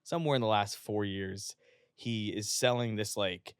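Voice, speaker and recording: A young West Virginia man, a fitness influencer, tells casual, profane stories and acts out the people he quotes. His fairly low voice is smooth and moves at a normal speed. It's captured on a podcast studio microphone with clean studio sound and no room sound.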